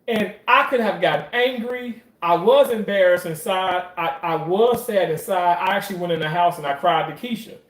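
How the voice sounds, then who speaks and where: A man talking in a casual monologue about his work in surgery, animated, profane and emotional as he tells stories. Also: high-pitched, normal speed, hardly any pauses. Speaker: surgical staff commentator. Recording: roomy echo.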